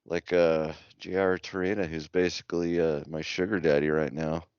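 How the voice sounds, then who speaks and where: A man co-hosting a podcast in casual chat, laid-back and halting, heard over a muffled call. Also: sits low, level tone, darkish tone, clean tone, no room sound. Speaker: podcast co-host.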